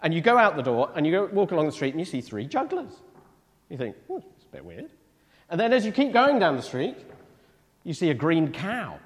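A man's voice: fairly high pitch, very animated, fairly quick. A man preaching a sermon in a church, explaining scripture in a conversational way and often asking the congregation questions. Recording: long reverb of a church hall.

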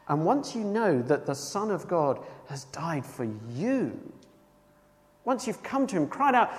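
A man preaching a sermon, emphatic and earnest, moving between loud cries and hushed tones. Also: on the high side, huge pitch swings, normal speed, in a large hall.

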